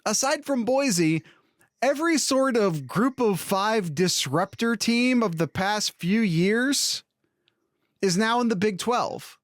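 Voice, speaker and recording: A man co-hosting a sports podcast, talking casually in an animated, opinionated way with quick restarts. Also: high-pitched, dry recording, clean studio sound. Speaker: podcast co-host.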